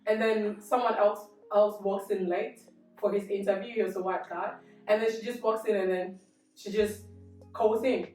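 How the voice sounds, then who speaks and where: A woman's voice: mid-range voice, moderate pace. A young woman with a slight Australian accent telling a story in a casual group discussion, acting out the dialogue. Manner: animated storyteller, acts out dialogue. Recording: roomy room, distant mic, faint music.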